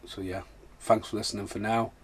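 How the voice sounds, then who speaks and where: A man's voice: on the low side, little pitch movement, brisk, a little hiss or hum. A man hosting a podcast with a rambling film commentary, laughing often. His speech is a little slurred and he sounds like he is in pain. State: injured, in pain. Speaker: podcast host.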